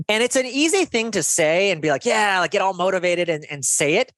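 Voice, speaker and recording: A man's voice: high voice, fairly quick, hardly any pauses, no echo. A man guest on a podcast, talking in an earnest, motivational way and telling stories from his coaching work. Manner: earnest, motivational, animated storytelling. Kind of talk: conversational interview.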